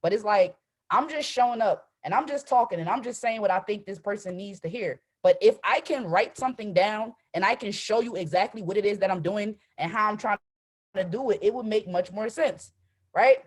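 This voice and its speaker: Husky woman coaching with "right?". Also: mid-range voice, a little fast. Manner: repeats "right?" constantly, emphatic and animated. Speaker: trading coach hosting a live call. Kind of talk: live-streamed motivational talk.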